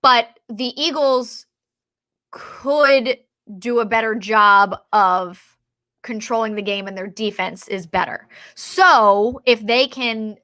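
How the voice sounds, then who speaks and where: A woman co-hosting a casual sports chat, excitable, often trailing off and restarting mid-sentence. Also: on the high side, takes it slowly. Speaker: podcast co-host.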